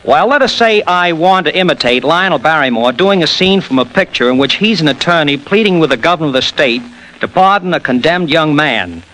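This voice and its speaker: A man's voice: a little high, lively intonation, brisk, bright, forceful tone, slight background noise, low-quality recording. A man guesting as a radio impressionist on a 1940s radio interview, joking and explaining how he works. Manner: jokey, explanatory.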